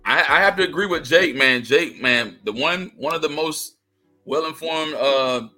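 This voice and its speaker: A man's voice: a little high, a little slow, sharp tone, soft background music. A man giving his picks on a casual sports talk show, laid back and casual. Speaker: panelist.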